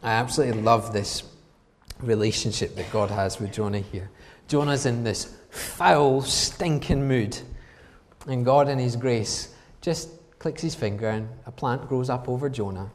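Male pastor, mid-pitched, emphatic sermon delivery, long hall reverb behind him. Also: unhurried. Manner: emphatic, rhetorical questions to the congregation. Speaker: preacher.

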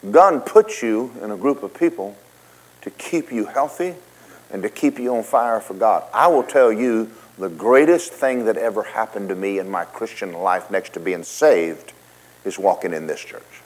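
A man preaching a sermon as a pastor, with an animated, joking way of talking. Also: fairly low pitch, normal speed, poor audio.

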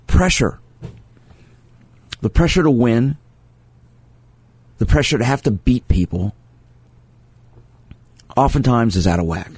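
A man's voice: mid-range voice, no echo. A man who is a sports psychologist hosting a call-in radio show, speaking earnestly and with emphasis, repeating his key phrases. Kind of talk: radio talk monologue taking calls.

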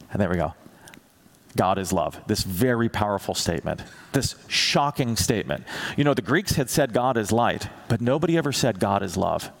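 A man's voice: on the low side, gravelly. A man preaching a sermon as teaching pastor, candid and self-deprecating, acting out prayers and God's replies in a raised voice. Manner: animated, acts out dialogues with God in a raised voice.

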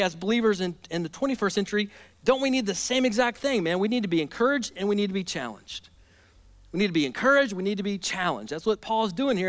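A male pastor, preaching a conversational sermon with lively asides. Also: high-pitched. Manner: animated, conversational preaching with repeated "man" and "right?".

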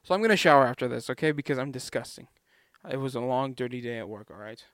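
A man's voice: mid-range voice, lively intonation, quick pace, a bit bright, dry recording, studio quality. A young man vlogging in a casual, rambling way, chatty and self-deprecating.

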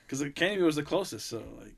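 A speaker in relaxed casual chat among friends, tossing in wry, teasing remarks. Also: mid-range voice, vocal fry.

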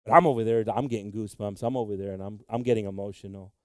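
A man's voice: steady tone, racing, clear, resonant tone, no echo. Impassioned male preacher, dry sound. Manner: impassioned, swinging between loud exclamations and low, quiet asides. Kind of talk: sermon.

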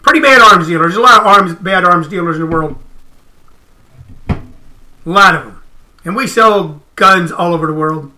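A man hosting a casual livestream, ranting in an animated, emphatic, profane way. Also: high voice, moderate pace, pauses often, a little hiss or hum. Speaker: comedian host.

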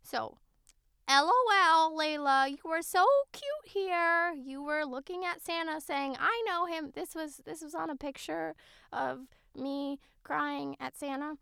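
A woman's voice: high voice, a little slow, creaky, pushed and bright, no echo, studio quality, heavily acted. A woman playing Agnes, a doting, chatty old grandmother in a comedy sketch, fussy and theatrical. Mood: rambling.

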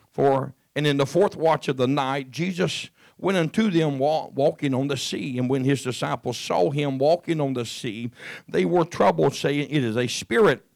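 A man preaching a sermon, moving from quiet scripture reading to shouted preaching and often repeating his words as he gets worked up. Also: fairly high pitch, gravelly, no room sound. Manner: repeats words and restarts when fired up.

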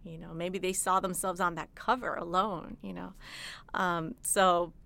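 A middle-aged woman author talking about her novel and reading from it in a plain, unhurried way. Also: on the low side, steady tone, vocal fry, sharp tone.

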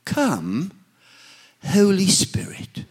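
A man voicing a calm, posh southern English bishop with a soft, measured, reassuring delivery. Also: high-pitched, noisy background, voice pushed down, exaggerated voice. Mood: solemn.

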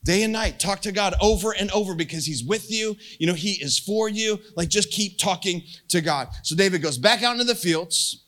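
High-voiced animated preacher man. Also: normal speed, hardly any pauses. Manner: animated, jokey, acts out quotes with rising pitch. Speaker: pastor. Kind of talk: casual storytelling sermon.

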